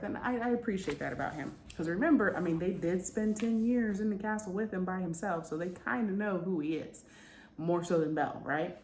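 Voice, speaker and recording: A woman with a lowish, somewhat dark voice chats quickly and casually with her viewers about a book, wandering into plenty of asides. She's a book vlogger, and the recording sounds roomy with a little background noise.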